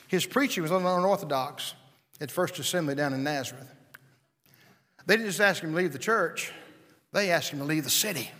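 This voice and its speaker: A man preaching a sermon, dramatic, dropping to a hush and then rising to a shout as he acts out the voices of the people in his story. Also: fairly high pitch, normal speed, pauses often. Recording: long hall reverb.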